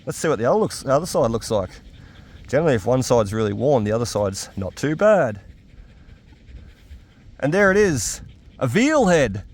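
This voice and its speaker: A man, giving casual, excitable commentary while metal detecting outdoors on a farm. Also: medium pitch, normal speed, long pauses. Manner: excitable, chatty, often exclaiming.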